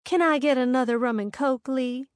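A woman's voice: medium pitch, animated, measured pace, no echo, clean studio sound, natural voice. A woman putting on a sugary, flirty barfly. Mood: sugary flirting. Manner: sugary, sultry and pushy.

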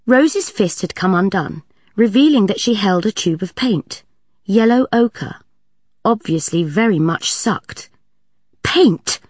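A woman reading a children's novel aloud in a steady, even narration, her voice at an ordinary middle pitch. The recording is dry and close, with no room sound around it. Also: unhurried, husky, no echo. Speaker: audiobook narrator. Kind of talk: storybook reading.

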